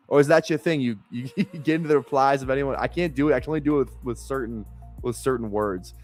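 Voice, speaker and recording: A man's voice: medium pitch, fairly quick, a little mellow, soft background music, voice pushed up, lightly acted. A man reading as a smug bar know-it-all. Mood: mocking. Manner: mocking, lecturing.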